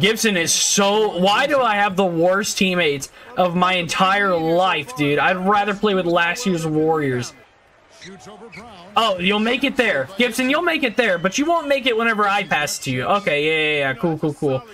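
A man with a high, bright voice giving live gameplay commentary. His pitch leaps around as he shifts between excitement and frustration, yelling at teammates and swearing in casual slang. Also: unhurried. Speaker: gaming YouTuber.

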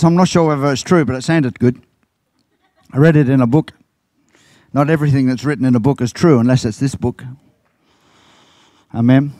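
A man's voice: fairly even intonation, moderate pace, long pauses, mellow, no echo. An older man, a pastor preaching a sermon and telling stories, acting out quoted lines. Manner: storytelling, acts out quotes with big pitch jumps.

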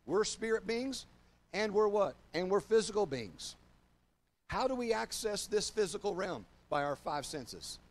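An older man, a pastor, preaching a sermon to his congregation and online viewers, moving from loud emphatic declarations to low, slow confiding passages. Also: very animated.

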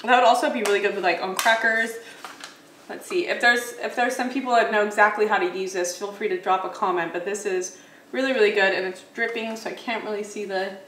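A woman's voice: mid-range voice, fairly even intonation, a little fast, a bit bright, distant mic, slight background noise. A woman reviewing grocery snacks in casual chat, laughing often and musing aloud as she tastes. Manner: chatty, laughs often, muses while tasting. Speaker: food vlogger. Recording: echoey room, mic set back.

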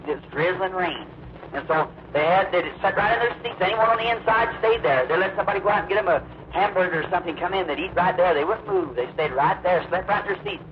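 A man preaching, telling a story with drawn-out, emphatic phrasing and acted quotes. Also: sits high. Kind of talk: sermon storytelling. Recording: muffled old recording, faint hiss.

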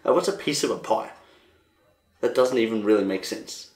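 A young Australian man hosting a casual solo podcast, rambling and animated, swearing freely. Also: lowish voice, normal speed, roomy sound. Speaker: podcast host.

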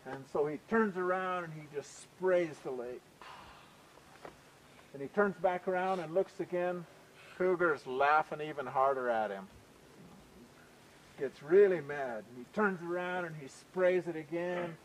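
A man telling a traditional folk tale aloud in a relaxed, conversational way, often saying "you know". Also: a little high, unhurried, pauses often, a little hiss or hum, low-quality recording. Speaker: storyteller. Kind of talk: oral folk storytelling.

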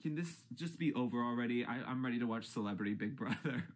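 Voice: medium pitch, expressive, fast talker. A YouTuber in a profane, exasperated rant about a reality TV show, swinging from grumbling to shrieks. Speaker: YouTube ranter.

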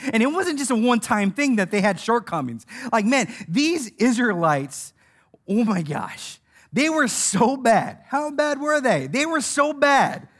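Guy preaching a sermon, lively and jokey, keeps laughing and doing little voices for people in the story. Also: high-pitched. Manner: animated and joking, laughing as he tells the stories; acts out quoted voices.

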